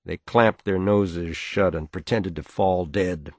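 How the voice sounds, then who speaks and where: A man reading a novel aloud in a measured, steady audiobook narration. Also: sits low, no echo.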